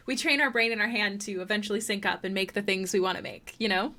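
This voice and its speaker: A woman artist chats with her livestream audience while she draws, her voice sitting at an ordinary middle pitch. She is loose and encouraging, drops the odd swear word and laughs easily between thoughts. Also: sharp tone. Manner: chatty, encouraging, quick to laugh, swears casually. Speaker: artist streamer. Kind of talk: casual chat while drawing on a livestream.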